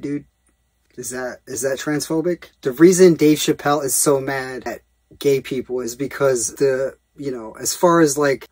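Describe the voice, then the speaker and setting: A man's voice: medium pitch, no echo. A man in a casual vlog rant, rambling and profane, with lots of fillers. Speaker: vlogger.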